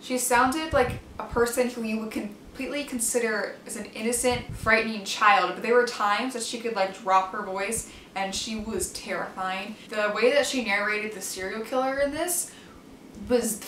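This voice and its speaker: A woman's voice: a little high, fairly even intonation, moderate pace, a bit bright. Chatty woman in an echoey room. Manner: chatty and enthusiastic, fillers like "like". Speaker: book reviewer. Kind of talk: casual book review vlog. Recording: echoey room, mic far off, faint background noise.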